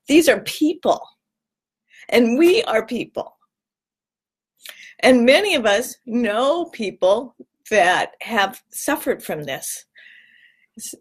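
A woman hosting her own video, talking earnestly and emotionally to camera, close to tears and rising into a tearful high voice. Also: breathy edge. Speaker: vlog host giving a weekly tip. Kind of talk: heartfelt casual talk to camera.

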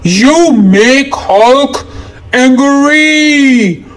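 A man voicing a huge angry green male brute in a toy-figure story, shouting in broken simple speech. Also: extremely high pitch, expressive, very slow, voice pushed up, heavily acted, rough recording.

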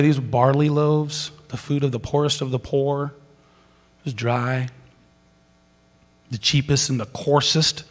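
A man preaching a sermon as pastor, animated, swinging from loud exclaiming to soft whispers. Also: mid-range voice, husky. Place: large church sanctuary. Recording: long hall reverb.

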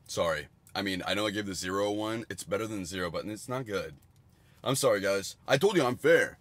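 A young man in his twenties casually reviewing candy on a livestream, rambling and crude with jokey bursts of excitement. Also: fairly low pitch, a little fast, no echo.

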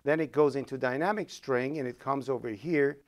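A man with a medium-pitched voice, a little fast, lectures on programming as he codes in real time. His Persian accent comes through while he muses aloud with fillers and frequent self-corrections.

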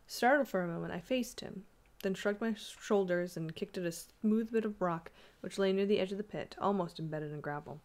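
A woman reading a classic ghost story aloud in a measured, expressive way. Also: medium pitch.

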